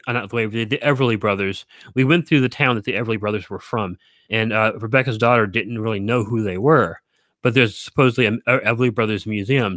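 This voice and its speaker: A man's voice: on the low side, fairly bright tone, dry recording. Rambling man chatting with viewers. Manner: rambling, self-correcting, chuckles often. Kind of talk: casual livestream chat.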